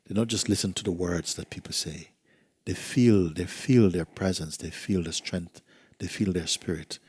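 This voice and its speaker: A man with a low, husky voice gives a gentle spiritual talk. He speaks softly and often sinks into a near whisper. His manner is unhurried, with rhetorical questions that invite the listener in. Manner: soft-spoken, often sinking to a whisper; gentle, asks rhetorical questions like "you see?". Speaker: spiritual teacher. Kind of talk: spiritual talk, reading and answering letters.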